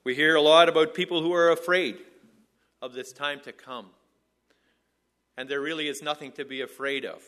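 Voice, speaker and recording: Earnest male preacher, slightly high voice. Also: steady tone, a bit bright. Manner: earnest, measured, repetitive phrasing. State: out of breath. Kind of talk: sermon.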